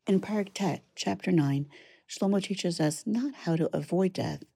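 Low husky woman teaching a study lesson. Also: mellow, no room sound, studio quality. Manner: measured, reflective, weaves Hebrew verses with English.

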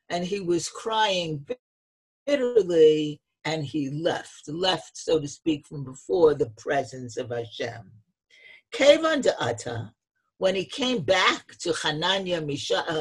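A woman's voice: lowish voice, husky. A woman teaching a text-study lesson, reading each source phrase and then explaining it, retelling scenes with dramatic emphasis. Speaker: Torah teacher.

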